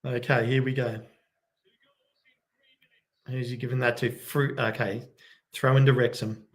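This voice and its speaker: Man, fan commentator, excitable, hushed late-night play-by-play, mid-pitched voice. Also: unhurried. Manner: excitable, bursts into loud cheering; kept quiet since it is night at home. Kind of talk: live match commentary for viewers.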